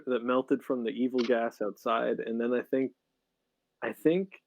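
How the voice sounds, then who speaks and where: A man's voice: medium pitch, dry recording, phone-quality sound. Podcast co-host, male, matter-of-fact explainer, dry close mic. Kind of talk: casual chat.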